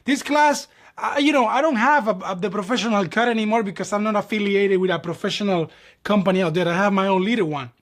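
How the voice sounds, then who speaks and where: Very high-voiced animated male dancer. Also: quick pace. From New York. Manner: animated, acts out quoted dialogue, addresses viewers as "my people". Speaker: ballet dancer and channel host. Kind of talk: casual chat.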